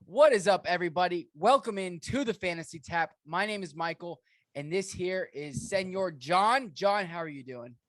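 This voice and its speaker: A man hosting a casual fantasy football podcast, energetic and joking in quick banter with his co-host. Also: high voice. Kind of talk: casual sports podcast chat.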